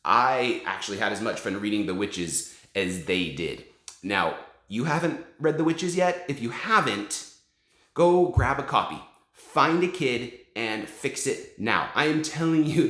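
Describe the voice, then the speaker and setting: Man, forties, eager book recommender, lively pitch, roomy echo. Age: 40s. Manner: enthusiastic, encouraging. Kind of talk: casual book recommendations to camera.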